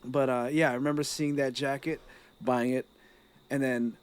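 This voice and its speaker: A man, telling stories in a casual podcast chat over a video call, lively and laughing often. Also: mid-range voice, moderate pace. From Toronto, Canada. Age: 30s. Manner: animated storyteller, slips into put-on voices, laughs often. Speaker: podcast co-host.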